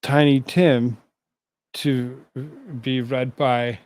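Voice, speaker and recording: A man hosting a live stream, chatting casually with his viewers, rambling and halting, with many fillers and restarts. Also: mid-range voice, little pitch movement, darkish tone, smooth. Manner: talks to chat viewers between asides.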